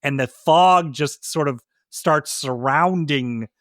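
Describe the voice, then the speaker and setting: A man's voice: on the high side, a bit bright, dry recording, studio quality. A man co-hosting a podcast, giving casual, enthusiastic movie commentary and often restarting his sentences. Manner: enthusiastic, talks in rushed restarts. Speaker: podcast co-host.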